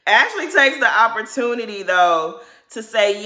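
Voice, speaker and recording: A woman's voice: big pitch swings, normal speed, pushed and bright, echoey room. A woman giving a casual reality TV recap, sassy, blunt and profane. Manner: sassy, blunt and profane, mimics others in high exaggerated voices.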